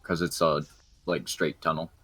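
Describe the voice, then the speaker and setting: A man narrating as game master for a tabletop game over voice chat, calm and plain with fillers. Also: rumbling low, normal speed.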